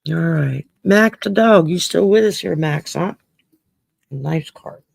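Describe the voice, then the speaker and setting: Reading cards for viewers on a casual late-night stream, a Cajun woman from Louisiana jokes saltily, cusses freely, and laughs often. She speaks slowly in a lowish, creaky voice, and the recording has no echo.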